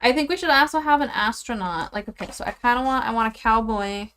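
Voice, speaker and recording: A young woman chatting casually and giggling as she draws, rambling and often trailing off quietly. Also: fairly high pitch, fast, slight background noise. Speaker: streamer drawing goose characters. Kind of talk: casual chat while drawing.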